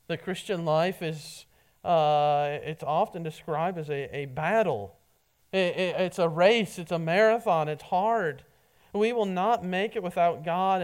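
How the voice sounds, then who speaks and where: A preacher giving a sermon, often stumbling and repeating words as a phrase begins. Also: medium pitch.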